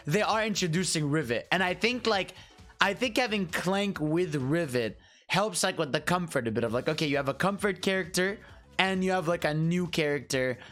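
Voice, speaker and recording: Animated male podcast host. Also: fairly high pitch, normal speed, soft background music. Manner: animated, filler-heavy, agreeable. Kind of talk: casual gaming podcast chat.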